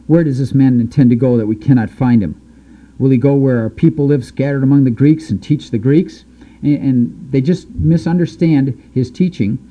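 Man teaching scripture, very dark voice. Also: medium pitch. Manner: reads scripture aloud, then explains it in loose, halting talk. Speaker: Bible teacher. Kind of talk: Bible teaching. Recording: dull, lo-fi recording.

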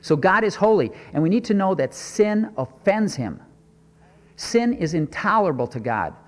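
A man's voice: high voice, sing-song, normal speed, big-room sound. A man preaching a sermon, stressing and repeating his points and asking rhetorical questions.

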